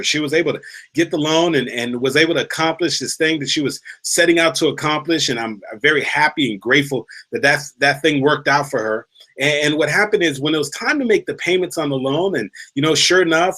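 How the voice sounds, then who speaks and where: A man delivering a motivational talk in a bright, forceful voice that sits a little high. He speaks straight to the listener and hammers his points home, repeating key phrases again and again. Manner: emphatic, repeats phrases for effect; storytelling, addresses listener directly. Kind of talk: motivational speech.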